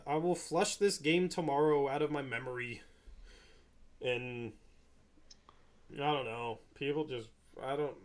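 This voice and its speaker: A man in the middle of a loose postgame podcast chat, talking in a rambling, easygoing way. His voice sits at an ordinary middle pitch and often trails off softer toward the end of his thoughts. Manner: rambling, laughs often, drifts soft and quiet. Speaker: podcast host.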